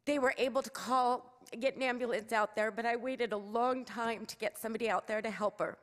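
A woman's voice: on the high side, steady tone, fairly quick, a bit bright. Middle-aged california woman making an urgent public comment, shaky with emotion, echoey council chamber. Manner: earnest, urgent, emotional pleading.

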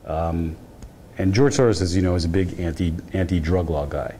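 A man with a somewhat low voice lectures a university class in an easy, storytelling way. He often trips and restarts mid-sentence. A faint background noise sits under his speech. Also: normal speed, dark tone. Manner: conversational storytelling with frequent restarts. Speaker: guest lecturer, criminology professor. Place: lecture hall.

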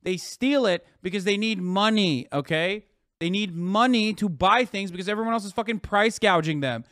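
Brief: high-pitched male streamer, fervent profane rant, dry close sound. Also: normal speed, fairly bright tone, no room sound. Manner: fervent, swearing, ranting rhetorical questions. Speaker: streamer reacting to a clip. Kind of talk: profane heated commentary.

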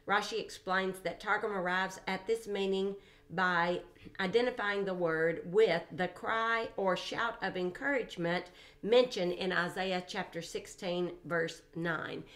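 Emphatic woman teaching the Bible. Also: lowish voice. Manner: emphatic, repeats phrases for stress, exclaims softly between readings.

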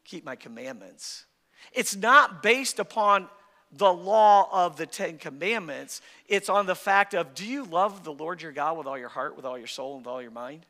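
A man's voice: sits high, moderate pace, bright, forceful tone, long reverb tail. A male pastor preaching a sermon with great passion, his voice rising and dropping, recorded in a church sanctuary.

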